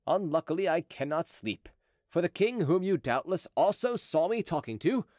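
A sharp-tongued envoy in his middle years, quick to anger and dripping with sarcasm, as a man reads him in an audiobook. The voice sits high and swings widely. The sound is close and dry. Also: very animated, no room sound. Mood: exasperated. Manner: exasperated, sardonic. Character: cunning middle-aged male royal envoy, quick-tempered.

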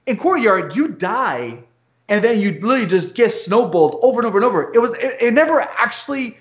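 High-pitched man, heated gaming chat, muffled lo-fi sound. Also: fairly quick. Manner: heated, animated ranting. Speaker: podcast co-host. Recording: muffled lo-fi audio.

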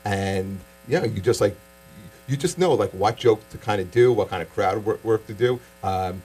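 A stand-up comic from Staten Island, delivering a punchy set with quick asides, then chatting casually in an interview. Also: male voice, on the low side, a little mellow, poor audio. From Staten Island, New York.

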